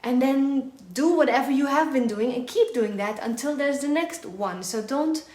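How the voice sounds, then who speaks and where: A woman's voice: high-pitched, normal speed. A woman teaching a live online belly dance class, counting and singing rhythms as she dances and drifting nearer and farther from the mic. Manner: energetic, counts and sings rhythms while dancing. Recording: echoey room with faint music.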